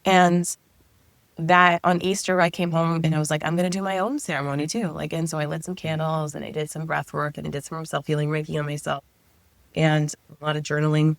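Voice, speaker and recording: A woman's voice: low voice, flat delivery, fairly quick, gravelly, no echo. A middle-aged woman, a guest, telling a personal story in a casual, chatty way, often saying 'like' and voicing her own past thoughts aloud.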